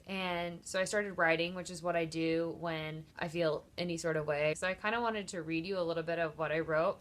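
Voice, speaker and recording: A woman's voice: fairly low pitch, fairly bright tone. A woman in her thirties talking candidly and emotionally to the camera in a personal video diary at home. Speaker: vlogger.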